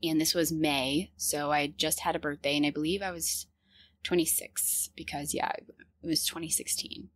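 A woman in her thirties recounts her own story in an earnest, halting way, often restarting sentences. Her voice sits fairly low. The sound is dry and close, with no room around it. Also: fairly even intonation, no room sound. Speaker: podcast guest telling her story. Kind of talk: personal storytelling.

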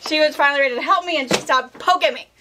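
A woman's voice: sits high, rapid-fire, heavy background noise. A woman in her thirties co-hosting a quilt shop video, chatting casually and telling funny family stories with frequent laughter. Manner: animated storyteller, laughs often. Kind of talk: casual chat.

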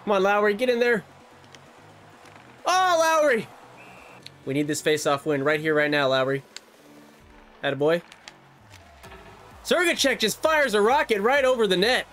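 A gaming YouTuber, a young man with a strikingly high voice, calls his own hockey video game like a sportscaster, rattling off plays fast and yelping at near misses. He's animated and laughs along, with light music running underneath.

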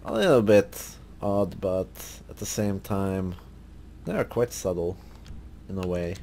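A man hosting a gaming video, relaxed and thinking aloud as he browses car parts in casual commentary. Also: fairly low pitch, a little hiss or hum. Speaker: gaming channel host.

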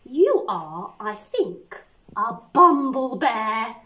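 A woman voicing a stately, firm queen bee in slow, declaiming tones. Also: on the high side, sing-song, pushed and bright, heavily acted.

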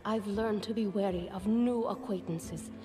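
A woman's voice: medium pitch, fairly even intonation, lightly acted. A woman playing a wary tiefling companion. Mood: apologetic. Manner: measured, earnest speech. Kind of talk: video game voice acting. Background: game music.

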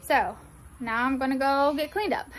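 A woman whose voice sits high speaks at normal speed, chatting casually for her farm vlog as she coaxes her animals outdoors. Farm animals and outdoor ambience fill the background, with faint noise in the recording.

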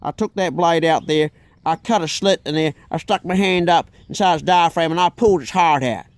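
A man's voice: fairly high pitch, fairly quick, no room sound, close to an everyday voice. A man voicing a boastful, swaggering hunter with a put-on drawl. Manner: drawling, bragging, tall-tale telling.

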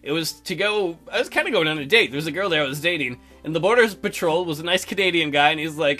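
A man hosting a let's play, reading a visual novel aloud with joking asides in an animated way. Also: fairly high pitch, fast, few pauses. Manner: animated, joking, breaks into silly voices.

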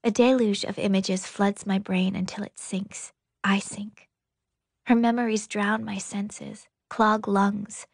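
A woman narrating a novel in an intimate, breathy, half-whispered audiobook reading. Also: medium pitch, flat delivery, takes it slowly, no room sound, clean studio sound.

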